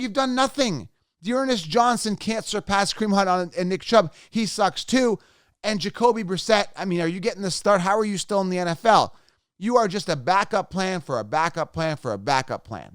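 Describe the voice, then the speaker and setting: A man's voice: sits high, fairly bright tone, dry recording, studio quality. A man ranting about sports picks in an emphatic, mocking way with repeated outbursts. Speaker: fantasy football YouTuber. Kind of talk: opinionated ranting commentary.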